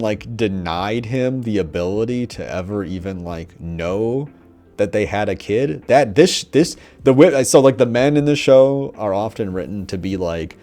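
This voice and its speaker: A young man giving rambling, profane, mocking commentary, often putting on quick voices of characters. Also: lowish voice, a little mellow. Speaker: commentator on a TV show. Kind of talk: casual ranting commentary.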